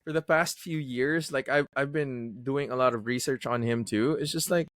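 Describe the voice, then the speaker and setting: A man's voice: mid-range voice, moderate pace, a bit bright, dry recording. Man making bold, emphatic predictions. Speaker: podcast co-host. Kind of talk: casual chat.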